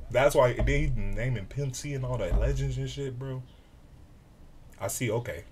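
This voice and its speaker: A man hosting a reaction video, excitable and animated, swearing freely as he comments. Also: mid-range voice, normal speed, slight background noise.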